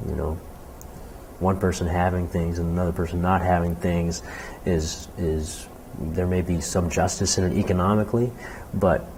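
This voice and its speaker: Low-voiced man, halting interview talk. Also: a little hiss or hum, rough recording. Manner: halting, many restarts, animated when quoting people. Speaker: interviewee, jazz clarinetist. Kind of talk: reflective conversational interview.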